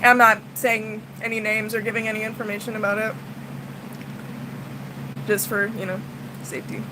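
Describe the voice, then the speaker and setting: A woman's voice: medium pitch, flat delivery, moderate pace, noisy background. A woman streamer venting to her chat, blunt and profane, swinging between heated outbursts and tired sighs. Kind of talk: casual livestream venting.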